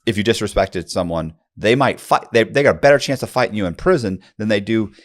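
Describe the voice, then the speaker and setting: A man with a fairly low voice tells a story with plenty of animation. His pitch rises and falls widely as he acts out what other people said. The tone stays casual and conversational. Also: expressive, fast.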